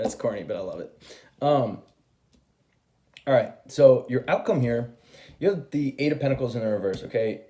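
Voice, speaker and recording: A man's voice: on the low side, normal speed, long pauses, dark tone. A man giving a casual tarot reading, chatty and rambling, swearing freely and laughing at himself. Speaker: tarot reader.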